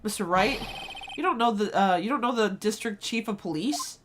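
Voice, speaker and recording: A woman's voice: medium pitch, expressive, moderate pace, noisy background. A woman playing a video game, reading its dialogue aloud in a playful way and adding goofy asides. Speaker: gaming streamer. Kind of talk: let's play with dialogue read aloud. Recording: music playing behind the voice.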